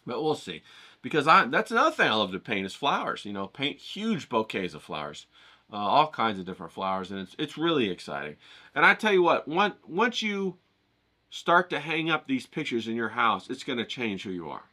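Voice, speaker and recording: Speaking from his home in the desert, this painting channel host has a medium-pitched voice that sounds pushed and bright, very animated and fairly quick. His casual motivational vlog chatter is rambling and eager, loaded with fillers and casual cursing.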